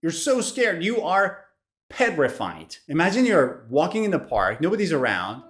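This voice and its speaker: A woman teaches English vocabulary in an animated voice that rises and falls widely. She speaks clearly and deliberately and repeats each new word so learners can copy it. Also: low voice. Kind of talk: vocabulary lesson.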